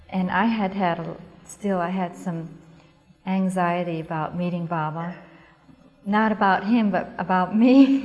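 A woman's voice: medium pitch, a little mellow. A woman telling a heartfelt memory to a gathering, reflective and sincere. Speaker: family member recounting memories. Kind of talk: casual storytelling to a group. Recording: long hall reverb.

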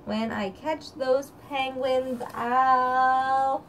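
A woman voicing a grumpy little male penguin who wants to be left alone, drawn out slowly like a storybook read aloud. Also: high voice, fairly even intonation, a bit bright, a little hiss or hum, full character voice. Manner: slow, exaggerated storybook delivery. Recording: distant home camera mic.

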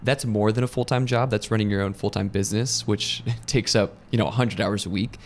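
A man's voice: on the low side, fairly even intonation, brisk. A man with an American accent co-hosting a casual business discussion, explaining points step by step in a conversational way. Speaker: lending company co-host.

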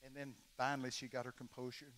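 A man's voice: medium pitch, fast talker. Folksy man preaching in a hall. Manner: folksy, animated, shouts quoted lines. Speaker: guest preacher. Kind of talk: storytelling sermon. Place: large church hall. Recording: long reverb of a large hall.

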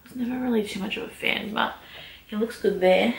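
A young woman vlogger chatting excitedly through an unboxing, gushing and exclaiming, with casual swearing. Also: on the high side, brisk, creaky. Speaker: book vlogger. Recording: echoey room, faint noise.

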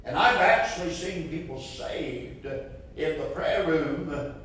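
A man's voice: on the high side, slow pace, fairly bright tone, slight background noise. A man preaching a sermon, fervent and rising to impassioned cries, recorded from a distance in a church sanctuary. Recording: roomy echo from far off.

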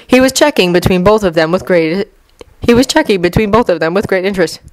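A woman's voice: medium pitch, quick pace, no echo. A woman reading fanfiction aloud as an audiobook, sometimes restarting lines. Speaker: fanfiction reader. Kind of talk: audiobook narration.

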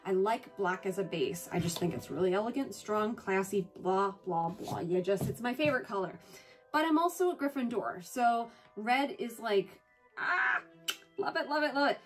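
A woman chatting casually through a product haul, gushing and excitable, often breaking into squeals of delight and correcting herself mid-sentence. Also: medium pitch, moderate pace, soft background music. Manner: chatty with self-corrections and asides. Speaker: home and collectibles vlogger.

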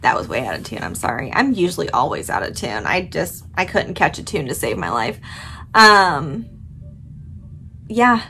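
A woman's voice: sits low, very animated, normal speed, sharp tone, slight background noise. A woman vlogger gushing dramatically over a new plant, yawning and sleepy despite her coffee. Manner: gushing, dramatic, swearing casually. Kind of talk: excited unboxing vlog.

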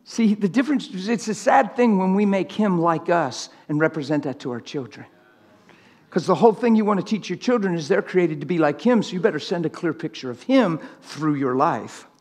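A man preaching a sermon in a church, impassioned, swinging from loud urgent stretches to hushed, quiet ones. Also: high voice, expressive, brisk. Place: church sanctuary.

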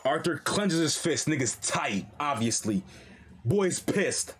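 A young man streaming a live reaction to a comic, talking in an animated, slangy, excitable way. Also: on the high side, slow, a little hiss or hum.

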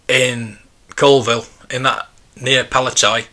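Bright-voiced chatty man. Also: mid-range voice, normal speed. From United Kingdom. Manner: chatty, rambling and nostalgic. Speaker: live-stream host. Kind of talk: casual live-stream chat, reading viewer comments.

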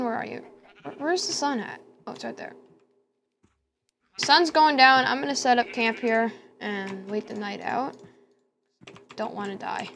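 A woman's voice: on the high side, vocal fry, fairly bright tone, slight background noise. A woman giving casual let's-play commentary, talking to herself and squealing at danger. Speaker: gamer.

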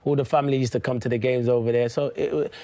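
A man tells stories quickly, chuckling often as he goes. His voice sits at an ordinary middle pitch and is recorded dry and close, with no room sound. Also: flat delivery, dark tone, no echo. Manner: chatty, laughing storyteller. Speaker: former footballer guest. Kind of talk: casual studio chat. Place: studio.

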